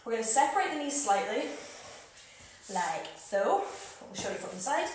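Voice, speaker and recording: A woman's voice: on the high side, sing-song, moderate pace, a little hiss or hum. A woman fitness coach giving upbeat workout cues and counting down reps, recorded at home. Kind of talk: live workout instruction. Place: home room. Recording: echoey room, far from mic.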